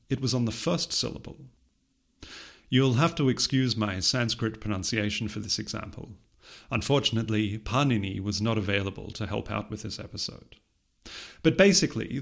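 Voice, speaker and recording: A man narrating a scripted educational episode in a measured lecturing manner with light humor. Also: medium pitch, vocal fry. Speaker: podcast host explaining linguistics history.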